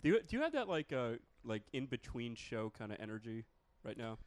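A man hosting a comedy podcast, talking in an excited, rambling and jokey way. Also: mid-range voice, a little fast. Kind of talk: casual podcast intro and chat.

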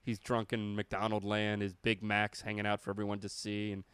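A man's voice: lowish voice, completely flat delivery, moderate pace, fairly bright tone, clean tone, no echo. A man, a comedian and podcast host, talking casually in a profane, rambling way. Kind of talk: casual chat.

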